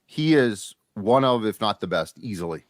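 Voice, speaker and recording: Chatty sports-show host, dry sound. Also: male voice, on the low side, normal speed, no room sound. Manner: storytelling, animated when excited. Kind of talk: casual sports chat.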